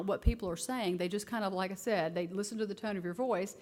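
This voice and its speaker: A woman with a slightly low voice giving a research talk to an audience of parents. She speaks casually and conversationally, with lots of filler words, and she brings her points to life with lively asides. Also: a little fast. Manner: animated storytelling, acting out quoted kids and herself; casual and conversational, many fillers like "you know" and "like". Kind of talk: conference talk.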